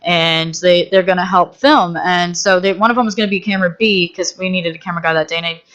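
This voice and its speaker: A woman's voice: fairly low pitch, fast talker, lo-fi sound. A young woman, a film director, telling stories in casual podcast chat, acting out what other people said. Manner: animated, acts out quotes of others.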